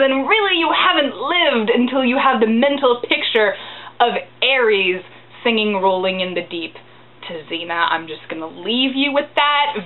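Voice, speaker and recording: A woman casually recapping a TV episode, gushing and animated, sometimes dropping into a whisper. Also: sits high, moderate pace. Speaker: recap podcast host. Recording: tinny phone-like audio.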